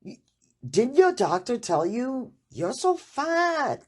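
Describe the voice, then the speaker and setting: Lady doing a high, loud, scolding old lady doctor, hong kong accent, slow and blunt. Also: big pitch swings, husky, heavily acted. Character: exasperated older woman doctor, blunt.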